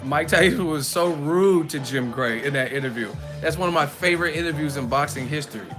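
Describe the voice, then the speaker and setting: A man hosting a live boxing chat, animated and profane, often breaking into laughter. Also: on the high side, a little fast, over music. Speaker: boxing channel host. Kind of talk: live casual commentary.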